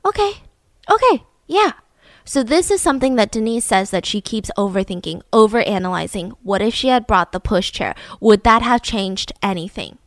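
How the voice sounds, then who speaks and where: A woman hosting a podcast, telling a true-crime story in a casual, animated way, full of "like" and "right?" asides. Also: mid-range voice, moderate pace, no room sound. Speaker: podcast host.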